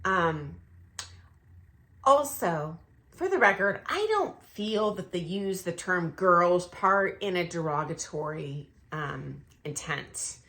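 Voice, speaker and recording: A woman's voice: on the low side, animated, slow, pushed and bright. A middle-aged woman who is a ballroom dance professional, talking casually to her viewers in a chatty, hesitant way with frequent fillers and easy laughter. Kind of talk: casual talk to camera.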